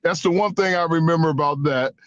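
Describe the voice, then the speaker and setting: A man in his sixties co-hosting a radio show, telling a long story in an animated way and stumbling over and repeating his words. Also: fairly high pitch, quick pace, dull audio. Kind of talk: casual sports radio storytelling. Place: radio studio. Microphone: studio microphone.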